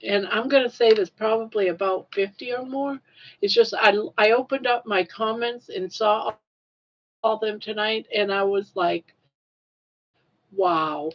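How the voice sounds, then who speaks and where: A woman's voice: a little high, moderate pace, muffled recording. An older woman crying on a casual livestream, tearful and grateful as she thanks her viewers. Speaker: crochet livestreamer.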